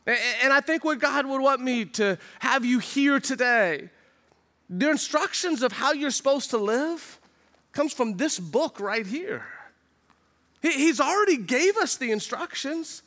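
High, bright-voiced man preaching a sermon. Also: animated, a little slow. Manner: earnest preaching with rhetorical questions and quoted voices; swings from loud urgent passages to low quiet emphasis. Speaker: pastor.

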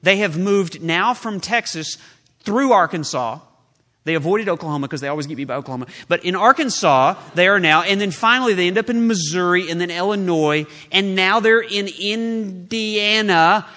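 A man preaching a sermon as pastor, joking with the congregation and acting out their voices in an animated way. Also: high voice, moderate pace, in a large hall. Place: church sanctuary.

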